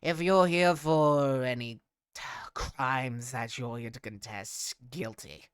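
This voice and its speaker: A man's voice: medium pitch, slow, a bit bright, smooth, no room sound, studio quality. A man voicing a tall goblin judge who emphatically declares everyone guilty. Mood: gleeful.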